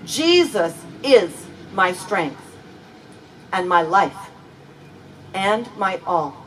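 A woman preaching a sermon in an unhurried, deliberate way, pressing hard on the words she wants to land. She sounds a little distant from the mic, with a faint hiss of room noise behind her. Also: medium pitch, lively intonation, fairly bright tone. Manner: earnest, emphatic preaching with slow deliberate stresses. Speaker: pastor. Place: church.

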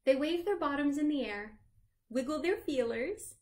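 A woman librarian reading a picture book aloud to children, gently asking them questions along the way. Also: high-pitched, animated, normal speed. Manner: sings the chorus lines in a lilting voice.

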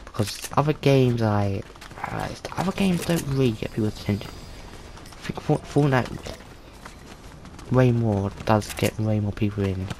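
A man's voice: lowish voice, measured pace, darkish tone, slight background noise. A man giving loose, rambling gaming commentary for his channel, full of slang and restarts. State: tired. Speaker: gaming video creator.

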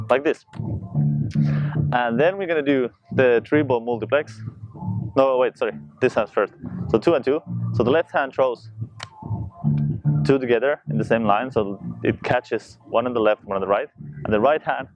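A man teaching a juggling tutorial, talking fast and loosely while he demonstrates. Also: medium pitch, dull audio. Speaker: juggling instructor. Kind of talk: casual spoken tutorial.

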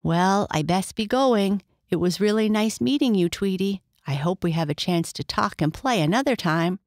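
A woman voicing a small, polite male guinea pig in a bedtime storybook, speaking politely and brightly. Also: mid-range voice, lively intonation, normal speed, dry recording, clean studio sound, natural voice.

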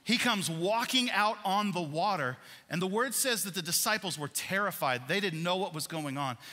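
A man preaching a sermon in a church worship center, animated and asking the congregation questions. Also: high voice, moderate pace. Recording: long hall reverb in a church.

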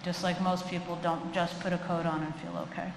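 Animated woman lecturing in an echoey hall. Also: on the low side, a little fast, vocal fry. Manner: animated, acts out quoted voices with humor. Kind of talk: humorous live lecture. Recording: echoey hall, faint room noise.

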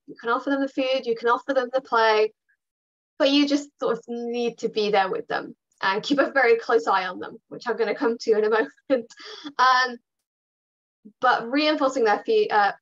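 Woman dog trainer, high voice, chatty and reassuring workshop delivery, lo-fi sound. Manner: chatty and reassuring, with fillers and upbeat put-on bits. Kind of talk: online workshop talk.

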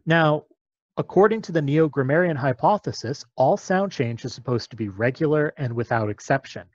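A man's voice: a little high, lively intonation, normal speed, a little mellow, no room sound, muffled recording. A man explaining a topic step by step in a patient, methodical lecture.

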